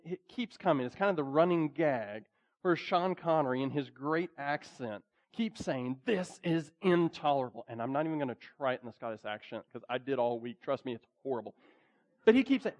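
Male pastor, mid-high voice, chatty sermon full of ums, muffled lo-fi sound. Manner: conversational with frequent fillers, lively emphasis.

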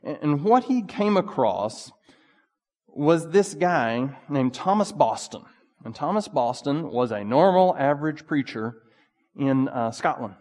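A man preaching a sermon in a relaxed, conversational way, full of asides. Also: on the high side, unhurried, long reverb tail. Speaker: pastor.

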